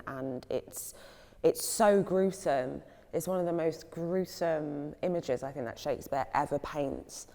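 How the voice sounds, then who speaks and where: Slow, gravelly-voiced British woman actor. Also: low voice, dark tone. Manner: thoughtful, with halting restarts. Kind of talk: discussing a play. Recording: roomy hall reverb.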